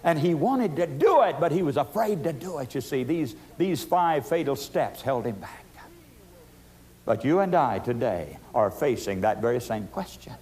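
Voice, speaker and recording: A man's voice: on the high side, lively intonation, normal speed. Dramatic preacher man pleading with listeners. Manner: dynamic, dramatic swings from loud pleading to hushed intensity; appeals to listeners as "friends". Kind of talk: evangelistic sermon.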